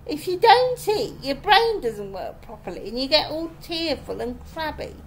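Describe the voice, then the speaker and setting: A bossy, outspoken schoolgirl talks in a high, lively voice, as a woman puts her on. She scolds plainly and forthrightly, like a character in a storybook read at home. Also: normal speed, poor audio. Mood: scolding.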